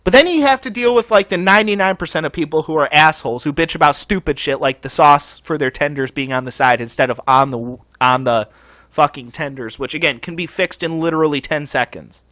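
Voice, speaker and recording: A man's voice: fairly high pitch, fairly quick, dry recording. A man hosting a gaming channel, ranting angrily with constant profanity over gameplay. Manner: profane, furious, yelling rant.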